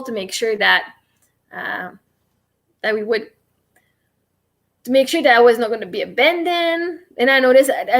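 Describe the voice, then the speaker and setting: A woman's voice: a little high, fairly bright tone. A woman talking casually to camera as a vlogger, in a meandering, self-interrupting way, with a native French speaker's English.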